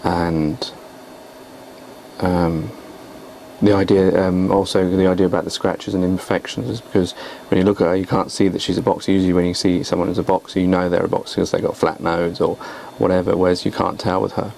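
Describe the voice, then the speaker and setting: A man chatting on a video blog about his own writing, wandering through thoughts with hesitant, self-deprecating asides. His voice is very low and gravelly, with little rise and fall. A faint hiss sits under the talk. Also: level tone, a little fast, darkish tone, low-quality recording. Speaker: poet and vlogger.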